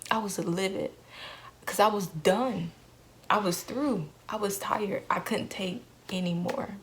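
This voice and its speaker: A woman's voice: mid-range voice, slow, noisy background. A young woman vlogger telling a painful personal story in an earnest way, repeating phrases for emphasis.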